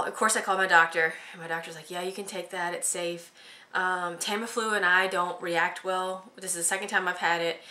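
A woman's voice: medium pitch, sharp tone, reverberant. A young pregnant woman telling a personal story in casual chat, giggling often and filling her talk with "like" and "um". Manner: chatty, giggly storytelling with lots of fillers. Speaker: vlogger.

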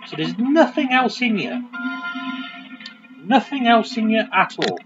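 A man's voice: high-pitched, big pitch swings, unhurried, muffled recording, over music. A man casually commentating a video game, chatty and joking as he rambles. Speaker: let's play host.

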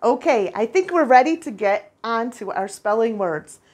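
A woman teaching first graders a spelling lesson, patient and clear, repeating each word for the children. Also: a little high, expressive, normal speed, darkish tone. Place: international school.

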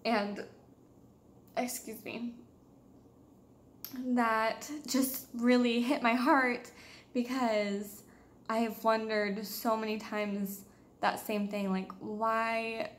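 Chatty young mom vlogger, slow pace. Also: female voice, fairly high pitch, level tone. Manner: candid, lots of "like" and "um" fillers. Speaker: vlogger, mother. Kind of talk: casual storytelling.

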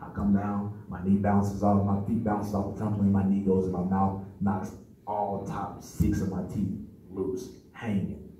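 A man's voice: sits low, monotone, a little slow, warm tone, a little hiss or hum. A man in his thirties giving a personal testimony at a conference, telling his story conversationally and often checking in with the audience. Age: 30s. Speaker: conference speaker. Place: meeting room at a men's conference. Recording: echoey room, mic far off.

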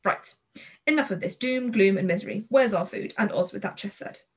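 A woman's voice: mid-range voice, fairly quick, breathy edge. A woman doing a cheeky, bossy young girl. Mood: brisk.

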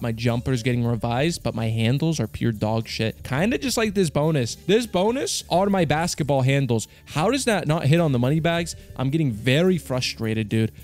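A young man giving hyped, profane commentary over a slot game, jumping between mutters and loud yells. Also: mid-range voice. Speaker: slots streamer.

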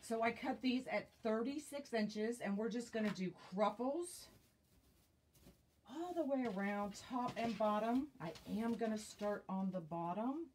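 A woman's voice: on the high side, expressive, unhurried, a little mellow, slight background noise. A woman hosting a live wreath-making demonstration, chatting with viewers and thinking aloud with fillers, recorded on a tablet. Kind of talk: casual live craft demonstration. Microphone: tablet mic.

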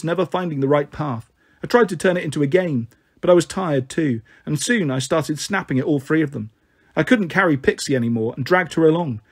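A man reading a children's novel aloud, lifting his voice to play the characters. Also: breathy edge. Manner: voices the characters with a raised pitch. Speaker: storyteller.

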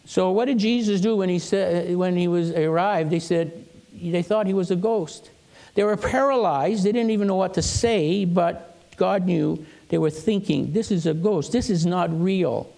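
A man's voice: high voice, gravelly, darkish tone. An older man preaching as a pastor in a church, telling personal stories in a conversational way and acting out the voices he quotes.

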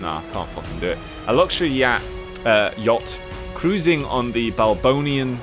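A man streaming a video game, chatting casually, reading its text aloud, swearing and yelping with excitement. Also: normal speed. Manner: excitable, swears and laughs, jumps into high yelps. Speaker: livestreaming gamer. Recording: game music playing under the voice. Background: game music.

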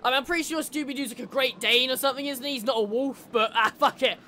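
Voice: high-pitched, fast talker, sharp tone, a little hiss or hum. Jokey, swearing let's-play gamer. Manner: jokey, swearing, laughs often. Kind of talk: casual let's-play commentary.

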